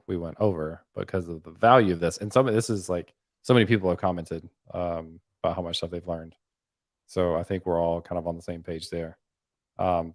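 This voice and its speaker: A man's voice: deep voice, a little mellow, dry recording, studio quality. A man hosting a live stream, chatting casually and rambling with frequent "um"s and "like"s. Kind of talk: casual chat.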